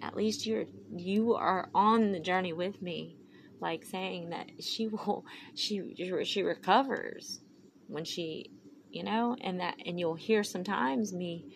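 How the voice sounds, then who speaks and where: Here a podcast host talks through a casual personal monologue, heartfelt and rambling, with a valley-girl lilt. Her voice is fairly low and creaky, and the audio is noisy.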